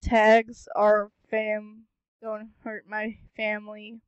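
A woman voicing a cold, threatening villain pony with a lowered, slow voice in an amateur fan audio drama. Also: a little mellow, no room sound, highs cut off. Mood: menacing.

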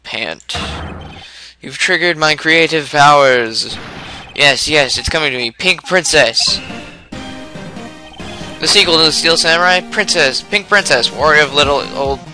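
Man voicing a nerdy game character, smug, internet slang, very bright voice, pitched up. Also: unhurried, pauses often, soft background music. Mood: excited. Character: nerdy adult male TV show creator, smug.

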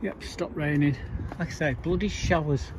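A fairly high-voiced man rambles through his gardening chores in a relaxed, chatty way, with the odd dry grumble thrown in. He is recorded outdoors at an allotment, and a faint hiss of outdoor ambience sits behind his voice. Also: normal speed. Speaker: allotment vlogger. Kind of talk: casual chat to camera. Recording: faint background noise outdoors.

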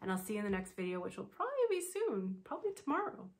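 A woman's voice: mid-range voice, very animated, very fast. Blunt woman vlogger, frank chat. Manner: blunt, frank and laughs often. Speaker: commentary vlogger. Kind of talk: casual commentary vlog.

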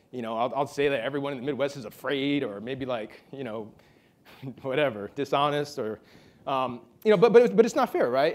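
A man giving an informal award acceptance speech, telling a story full of fillers and repeated words. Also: medium pitch. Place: event hall.

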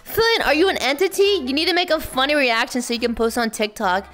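A woman livestreamer chatting casually with her viewers, hyper and playful, often breaking into shouts and laughter. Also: high-pitched, brisk.

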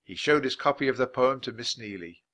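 Bright, lively male storybook narrator. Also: medium pitch. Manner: clear, unhurried storytelling. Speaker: audiobook narrator. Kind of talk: reading a children's book aloud for English learners.

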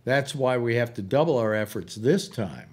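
A man's voice: mid-range voice, expressive, normal speed, darkish tone, husky. A man hosting a casual political chat show, rambling with many stammered restarts and blunt remarks. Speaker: host.

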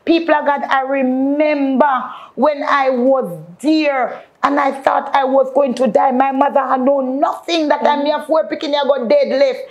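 A woman's voice: high-pitched, steady tone, normal speed, darkish tone, highs cut off. A woman with a Jamaican accent sharing an emotional personal testimony in patois and often calling out to the faithful. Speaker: guest.

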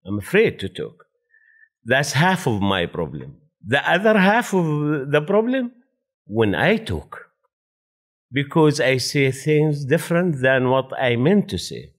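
Lively Arabic-accented man telling stories. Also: medium pitch. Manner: animated, laughing, non-native grammar. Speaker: panel speaker. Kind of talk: personal storytelling at a talk.

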